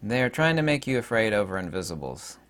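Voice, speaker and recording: A man's voice: lowish voice, sing-song, fairly quick, a bit bright, slight background noise. A man hosting his own opinion vlog, talking in an emphatic, rambling, indignant way. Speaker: channel host.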